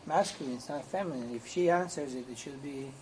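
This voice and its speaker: A man in a class, hesitantly asking a question with soft, halting speech. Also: medium pitch, slight background noise, poor audio. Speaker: student in class.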